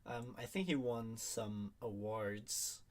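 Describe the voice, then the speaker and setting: A man's voice: mid-range voice, takes it slowly. A man hosting a casual draft show, talking with many hesitations and fillers.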